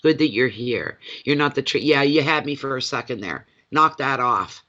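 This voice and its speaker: A man's voice: medium pitch, animated, fairly quick, hardly any pauses, pushed and bright, muffled recording. A man giving a live tarot reading, chatty and joking, and poking fun at himself between cards. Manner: chatty, joking and self-deprecating. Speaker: tarot reader. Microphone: phone.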